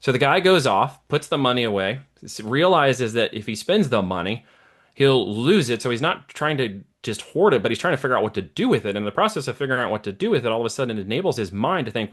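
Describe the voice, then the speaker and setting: A man's voice: medium pitch, very animated, quick pace. A middle-aged man talking as an interview guest, giving a motivational talk and often checking in with "okay?" and "right?". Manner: preachy, checks in with listener often. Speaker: guest, entrepreneur.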